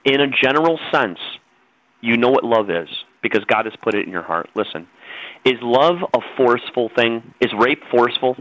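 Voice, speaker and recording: A man's voice: mid-range voice, lively intonation, normal speed, fairly bright tone, dry recording. Preachy man on a muffled radio line. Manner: preachy, insistent lecturing. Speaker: guest. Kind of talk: radio talk show discussion.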